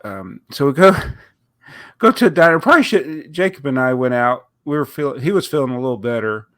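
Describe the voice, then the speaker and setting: A man's voice: medium pitch, lively intonation, normal speed, a bit bright, dry recording. A man with a nasal, stuffed-up voice, recovering from a cold, telling a rambling story on a casual podcast with frequent laughs. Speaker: podcast co-host. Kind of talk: casual chat.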